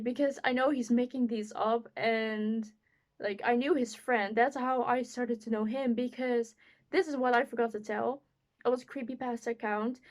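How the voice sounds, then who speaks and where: A young adult woman vlogger telling a rambling storytime to camera, with lots of fillers and animated quoting. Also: on the high side. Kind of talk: casual storytime monologue.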